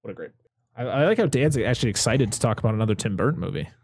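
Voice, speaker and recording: A man's voice: mid-range voice, lively intonation, racing, breathy edge, dry recording, studio quality. A man co-hosting a casual movie podcast, chatty and given to exasperated rants. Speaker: podcast co-host.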